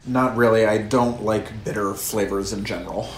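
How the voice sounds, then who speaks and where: A man chiming in during casual podcast chat with brief, low-key replies. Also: steady tone, normal speed. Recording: echoey room, faint noise.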